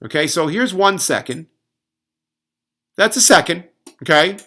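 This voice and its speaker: A man's voice: sits high, expressive, a little slow, bright, forceful tone. A middle-aged man ranting sarcastically in a casual home cooking vlog. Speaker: fitness vlogger. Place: home kitchen.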